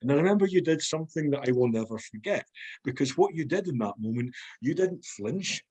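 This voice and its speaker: A man's voice: fairly high pitch, expressive, brisk, a little mellow, breathy edge, rough recording. A man with a Scottish accent, a guest speaking frankly and reflectively in a podcast conversation, swearing freely.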